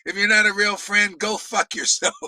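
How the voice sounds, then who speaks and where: A man teaching a spiritual class outdoors in a desert, delivering a fiery, profane sermon, scolding listeners, often laughing and shouting. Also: high voice, fairly even intonation, normal speed, dry recording, rough recording.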